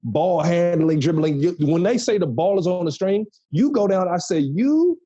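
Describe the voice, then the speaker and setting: A man's voice: sits high, lively intonation, normal speed, mellow. A man co-hosting a podcast, asking playful questions full of slang in casual chat. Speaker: podcast co-host. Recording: dull lo-fi sound.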